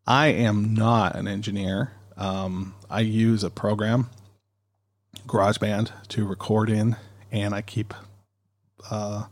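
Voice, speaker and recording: A man's voice: lowish voice, level tone, slow pace. A man hosting a podcast in a casual, rambling way, with lots of ums and self-corrections, reading listener emails into a dynamic studio mic. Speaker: podcast host. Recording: home podcast recording.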